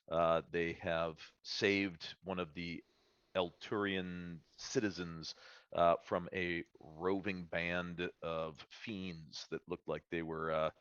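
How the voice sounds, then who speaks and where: A man narrating as dungeon master of a tabletop game on a live stream, halting and full of uh and um fillers. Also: low-pitched, a bit bright, no room sound, dull audio.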